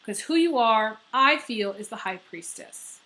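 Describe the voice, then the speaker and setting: A woman's voice: on the high side, expressive, measured pace, sharp tone. A woman giving a casual, rambling tarot horoscope reading, full of fillers and the odd swear word. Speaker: tarot reader.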